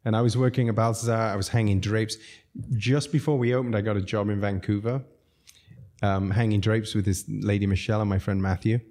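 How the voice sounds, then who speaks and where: On a podcast, a middle-aged restaurateur spins stories in a relaxed, mellow, lowish voice at a fairly quick clip. He drifts cheerfully from one lively anecdote to another, laughing as he goes.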